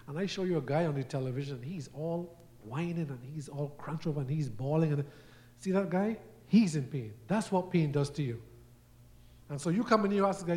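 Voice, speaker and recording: A man's voice: on the high side, normal speed, pauses often. Storytelling man preaching a sermon. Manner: storytelling, acts out quoted voices, repeats words. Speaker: guest preacher. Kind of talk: sermon teaching.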